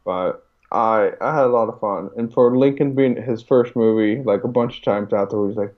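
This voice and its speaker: A man's voice: fairly low pitch, normal speed. A man co-hosting a podcast, chatting casually about movies and his son, laid-back and swearing often. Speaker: podcast co-host. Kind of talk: casual movie review chat. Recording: dull lo-fi sound.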